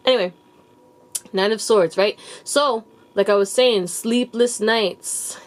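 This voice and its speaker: Speaking slowly in a voice on the high side, a woman runs a laid-back pick-a-card tarot session for her channel's viewers. She meanders, restarts often, leans on the word like, and calls her audience you guys and baby.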